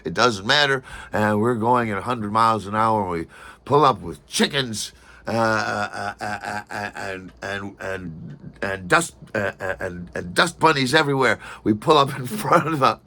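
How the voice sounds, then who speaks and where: A man telling a personal story in a lively monologue, acting out other people's lines with sudden shouts and pitch jumps. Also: measured pace. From Michigan.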